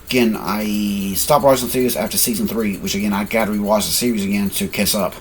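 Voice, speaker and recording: Talking fast in a fairly low, steady voice, a sleepy, yawning man improvises a rambling fan-fiction story, correcting himself and apologizing as he goes. A little hiss or hum sits under the audio.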